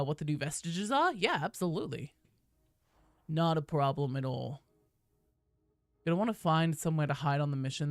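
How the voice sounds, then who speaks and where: A woman's voice: deep voice, no room sound, clean studio sound. A woman streaming a game and chatting loosely with her viewers, swearing often. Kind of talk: casual live-stream chat.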